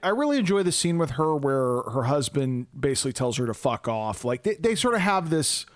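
A man's voice: medium pitch, very animated, fairly quick, no room sound, clean studio sound. A man co-hosting a podcast, animatedly retelling movie scenes in casual chat and laughing often. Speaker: podcast co-host.

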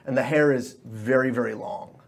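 A man runs a tabletop game, describing each scene as if a camera were moving through it. His voice is husky and somewhat rough, and his talk is full of fillers. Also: mid-range voice, fairly even intonation, normal speed. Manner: cinematic scene narration with many fillers. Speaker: game master.

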